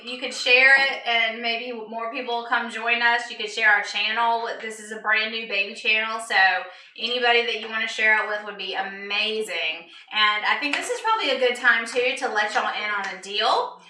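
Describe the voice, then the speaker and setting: A woman's voice: on the high side, normal speed, bright, forceful tone. A woman with a Southern American accent, co-hosting a live cocktail show in casual chat, laughing often. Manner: chatty, laughs often, says y'all. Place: home kitchen, roomy. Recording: echoey kitchen, distant mic, faint noise.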